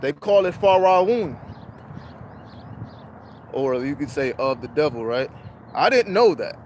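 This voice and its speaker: A man's voice: a little high, expressive, takes it slowly, a little mellow, slight background noise. A man hosting a livestream, telling a personal spiritual story in casual, profane street slang. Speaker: livestream host.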